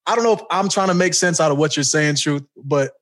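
A man's voice: a little high, quick pace, a bit bright. A man co-hosting a podcast in casual chat, teasing and laughing through his words. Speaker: podcast co-host.

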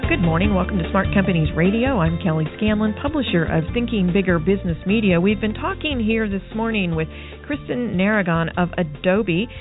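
A woman hosting a business radio talk show, speaking in a measured, conversational way as she interviews a guest. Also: medium pitch, lively intonation. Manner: measured, conversational, brief backchannel replies. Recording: phone-like narrow sound, dry, faint music.

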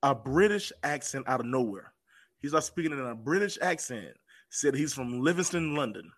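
Man of middle pitch, podcast guest, lively retelling with lots of repetition. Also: moderate pace. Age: adult with children. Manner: animated, repeats phrases for emphasis. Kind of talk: casual storytelling.

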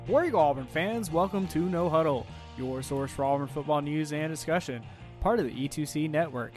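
A man hosting a casual sports podcast, chatty and halting, with many restarts and fillers. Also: on the high side, darkish tone, faint music behind. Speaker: podcast host.

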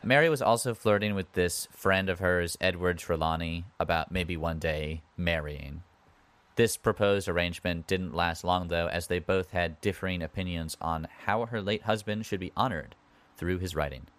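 A man's voice: deep voice, moderate pace, fairly bright tone, dry recording. A man hosting a podcast, retelling history in a casual way with wry asides and conversational comments. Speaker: podcast host.

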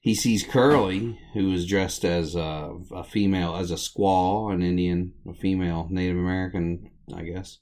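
A man casually recapping the plot of an old comedy short, chatty and relaxed, with many "uh" pauses. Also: low-pitched. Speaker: host of a film recap series.

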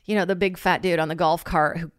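Animated, swearing woman telling a story. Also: fairly low pitch, quick pace, no room sound, clean studio sound. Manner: animated, swears freely, acts out quoted lines loudly; heavy use of filler "like". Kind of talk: casual storytelling.

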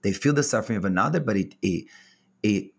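A man hosts a spiritual podcast in an effusive, heartfelt way. His voice sits somewhat low, and he often stumbles and restarts his sentences. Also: expressive, gravelly, slightly rough. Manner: effusive, earnest, halting with restarts. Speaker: podcast host. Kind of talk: warm spiritual podcast chat.

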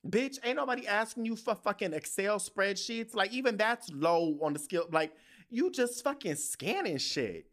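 Podcast host, young man; swings between high and low in a lively, profane rant about work. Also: normal speed. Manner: profane, heated venting with lively storytelling. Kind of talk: casual monologue rant.

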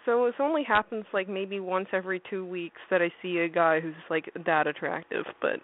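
A woman's voice: fairly low pitch, fairly even intonation, a little fast. A young woman calling in to a chat show, talking hesitantly with plenty of "like" and "um". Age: young adult. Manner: hesitant, full of "like" and "um". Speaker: caller. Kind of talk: casual phone chat. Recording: tinny phone line.

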